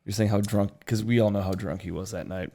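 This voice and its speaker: A man with a fairly low voice, co-hosting a relaxed podcast chat. He jokes around, teases his friends and laughs often as the stories unfold. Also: a little fast, creaky. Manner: laughs easily, teasing. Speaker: podcast co-host. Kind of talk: casual chat.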